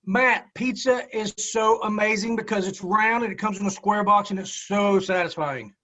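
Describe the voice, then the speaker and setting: Bright high-voiced man on a dull call. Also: normal speed. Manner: enthusiastic practice pitch. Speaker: trainee. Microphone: video call. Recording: dull video call audio.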